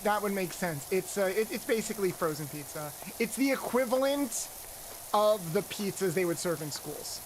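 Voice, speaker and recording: A woman's voice: medium pitch, animated, a little hiss or hum, poor audio. A woman hosting a live game stream, chatting casually with a co-host and greeting viewers. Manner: chatty, rambling, quick asides to chat.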